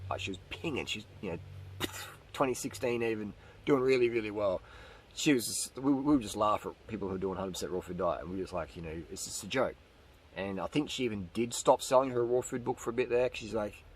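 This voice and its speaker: A middle-aged man from Australia, hosting his own channel, telling a rambling, animated story with voiced quotes and laughs. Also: fairly low pitch, breathy edge, low-quality recording. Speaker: channel host answering questions. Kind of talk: casual monologue.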